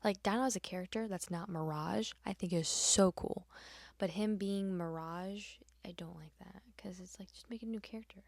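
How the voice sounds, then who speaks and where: A woman hosting her art channel, chatting casually over a speedpaint with lots of fillers, often dropping into a soft whisper. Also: mid-range voice, normal speed, vocal fry, no echo.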